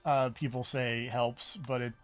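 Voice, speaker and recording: A man's voice: mid-range voice, fairly even intonation, measured pace. A man playing a game on stream, chatting casually and often stumbling over his words. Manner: hesitant, stumbles and repeats words. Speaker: let's play player. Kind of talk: casual gaming chat. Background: faint game music.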